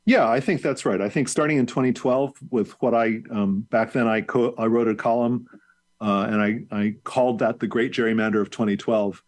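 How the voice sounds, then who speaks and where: A man's voice: medium pitch, a little mellow. A man who is a professor, explaining at length as a guest in an interview, fluent and lecture-like with occasional fillers.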